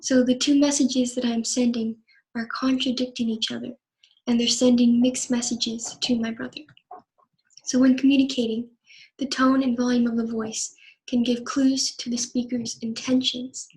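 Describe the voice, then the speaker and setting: A young woman delivers a scripted class presentation, explaining each point in an even, read-aloud manner. Her voice sits a little high and barely rises or falls. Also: normal speed, low-quality recording. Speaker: student presenter.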